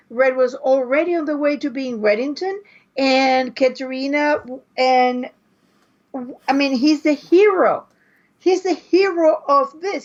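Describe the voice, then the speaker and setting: A high-pitched woman talks at an unhurried pace in a casual podcast chat. She argues her point with many restarts and pauses. The audio is dull and lo-fi. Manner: hesitant, restarts often while arguing a point. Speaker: podcast co-host.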